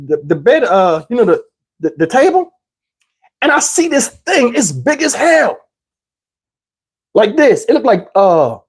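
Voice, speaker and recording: A man telling a comedic story, jumping up high in pitch whenever he quotes himself. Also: breathy edge. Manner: animated, jumps up high for quoted lines.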